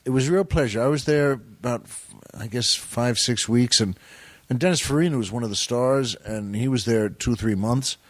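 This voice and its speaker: A man's voice: mid-range voice, moderate pace, no echo. A man, a comedian and actor guesting on a podcast, telling show business anecdotes in a rambling, self-deprecating way with plenty of restarts.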